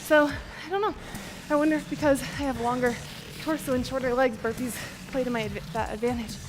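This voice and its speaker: A woman's voice: high voice, steady tone, a little fast, background noise. A woman co-leading a home workout, upbeat and chatty, counting down the seconds. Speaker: fitness instructor. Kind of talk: workout coaching and explanation.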